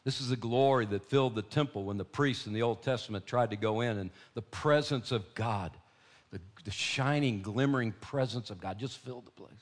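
Man, pastor, sermon, dramatic, hushed to loud, emphatic repetition. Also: medium pitch, brisk.

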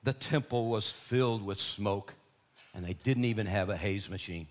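A pastor preaching a sermon, a man with an emphatic, repetitive delivery that swings from hushed to loud. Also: lowish voice, normal speed.

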